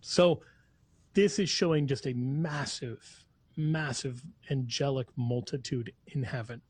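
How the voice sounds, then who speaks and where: A man's voice: medium pitch, takes it slowly, darkish tone, husky. A man who is a guest on a talk show, explaining scripture. He reads passages aloud and laughs easily between points.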